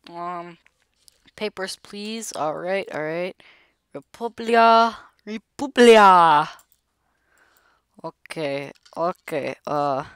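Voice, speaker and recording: A woman's voice: on the low side, slow, clear, resonant tone, dry recording, clean studio sound. A woman giving casual gameplay commentary, chatty and jittery, pleading aloud with the characters and talking to her viewers. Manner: addresses viewers directly. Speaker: gameplay video creator.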